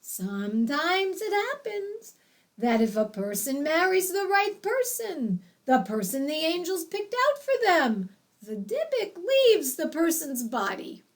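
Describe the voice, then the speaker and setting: A woman voicing a calm, wise male grand rabbi who explains things softly and patiently. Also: very high-pitched, slow, voice pushed up, full character voice.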